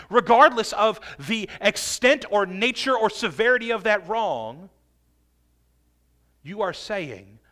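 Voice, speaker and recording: A man preaching from the pulpit in a high, bright, ringing voice. He leans hard into key phrases, stretching them out, then drops low and quiet. Earnest, emphatic sermon delivery. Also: animated, measured pace. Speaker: pastor.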